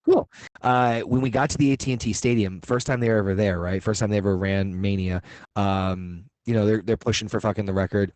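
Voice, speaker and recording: A man's voice: fairly low pitch, fairly even intonation, a little fast, a little mellow, dry recording, rough recording. Swearing man telling rambling stories. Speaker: guest. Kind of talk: casual storytelling.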